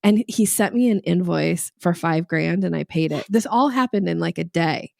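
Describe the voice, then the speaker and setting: With a fairly low, gravelly voice at normal speed, a middle-aged podcast guest spins an animated story in relaxed conversation, frequently laughing and performing quoted dialogue. The studio sound is clean, with no echo.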